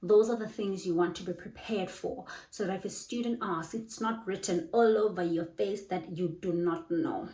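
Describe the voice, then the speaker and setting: This young woman from South Africa, an online English tutor, speaks in a mid-range voice at a moderate pace with hardly any pauses. Bubbly and lively, she offers casual teaching tips and performs short dialogues, captured in an echoey room on a rough recording.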